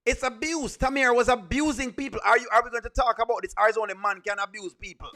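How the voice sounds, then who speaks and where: A man's voice: very high-pitched, heavy background noise. A man hosting a reaction video, scolding emphatically and repeating his points. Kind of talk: reaction commentary.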